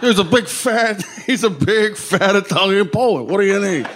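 A man co-hosting a live comedy podcast, riffing with quick repeated phrases and jokes. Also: high-pitched, expressive. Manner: riffs with rapid repetitions. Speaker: podcast co-host. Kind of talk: improvised comedy banter. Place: live stage show. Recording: noisy live recording.

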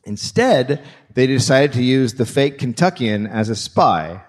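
A man narrating comic history live on stage, his delivery dry and deadpan yet lively in pitch. His voice sits at an ordinary middle pitch while it rises and falls a great deal as he leads the audience through the tale. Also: unhurried. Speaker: podcast host, storyteller.

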